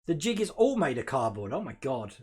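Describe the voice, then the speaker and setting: Husky, animated man chatting live. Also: mid-range voice, a little fast. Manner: chatty, rambling, laughs often, talks to his dog. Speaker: hobby model-build livestream host. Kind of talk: casual live-stream chat. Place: home hobby room.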